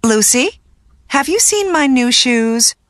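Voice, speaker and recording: An actress playing a mother looking for her things in a textbook listening dialogue, speaking clearly and sounding puzzled. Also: high voice, animated, slow, no room sound, clean studio sound.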